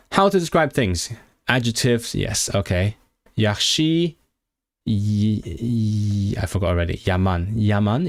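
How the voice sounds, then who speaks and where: A man's voice: fairly low pitch, dry recording, clean studio sound. A young man live-streaming his language study, chatting with viewers and sounding out foreign words with frequent restarts. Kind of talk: casual live-stream chat.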